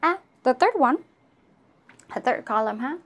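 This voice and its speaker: A woman teaching English pronunciation, drilling each word several times and often checking in with a quick "huh?". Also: high voice, expressive. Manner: laughs at herself now and then.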